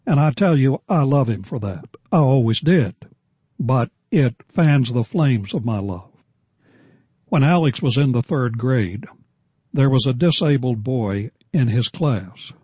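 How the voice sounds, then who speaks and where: An older man, a radio preacher, delivering a sermon in a measured, deliberate way, slowing down to stress key words. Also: mid-range voice, animated, mellow, slightly rough, no echo, highs cut off.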